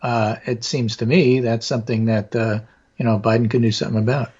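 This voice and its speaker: A man hosting a political talk show with a hoarse voice, talking casually and discursively with many fillers. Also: medium pitch, flat delivery, fairly quick, a little mellow, muffled recording. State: hoarse from allergies.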